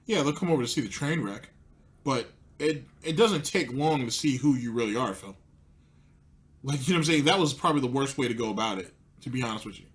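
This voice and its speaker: Male commentary host, mid-pitched, sarcastic and profane, needles his target. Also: expressive, brisk.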